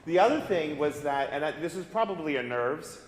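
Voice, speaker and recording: A man's voice: on the high side, lively intonation, fairly quick. A man leading a singing master class, coaching a student in an informal, encouraging way with lots of casual fillers. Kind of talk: coaching a singer in rehearsal. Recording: roomy hall reverb with piano.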